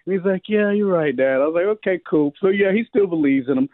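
A man of about fifty telling funny family stories in a casual chat, co-hosting a show and jumping higher whenever he quotes someone. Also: quick pace, no room sound. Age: 50s. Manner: animated storyteller, jumps higher for quoted voices. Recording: tinny phone-like radio sound.

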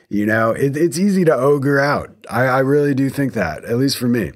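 A man's voice: mid-range voice, animated, normal speed, few pauses. A man in his thirties hosting a solo podcast from his home garage, talking casually, eagerly and with lots of restarts. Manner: enthusiastic, rambling, self-interrupting. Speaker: podcast host.

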